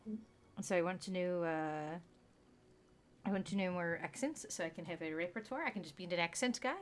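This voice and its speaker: A man's voice: high-pitched, moderate pace, slight background noise. A man from Texas streaming a game, chatting in a rambling, self-mocking way and laughing often. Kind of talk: casual chat while gaming.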